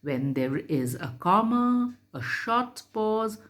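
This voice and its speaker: A woman teacher reading a story aloud to children and explaining it in a slow, careful, instructive way. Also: medium pitch, very animated.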